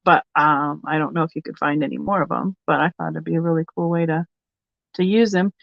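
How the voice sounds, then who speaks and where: A woman's voice: deep voice, fairly even intonation, a little fast, creaky, no echo. A woman hosting a live online vintage sale, chatting casually and thinking aloud as she shows items and takes bids. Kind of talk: casual live auction chat. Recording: slightly dull, lo-fi sound.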